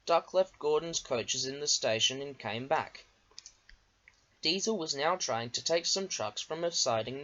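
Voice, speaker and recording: Slow, lively storybook narrator. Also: mid-range voice, lo-fi sound. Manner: unhurried, animated storytelling. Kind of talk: storybook reading.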